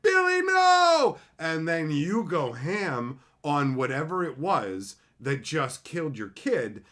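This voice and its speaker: A man, the channel's host, telling a gaming story in a playful, excitable way. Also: on the high side. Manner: playful, excitable, slips into voices. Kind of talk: animated storytelling.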